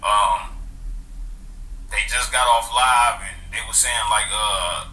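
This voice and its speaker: Bright flat-voiced man hyping a video. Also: on the low side. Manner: slangy, quick, hype delivery. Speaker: reaction YouTuber. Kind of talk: reaction video intro. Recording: distant echoey playback with faint noise.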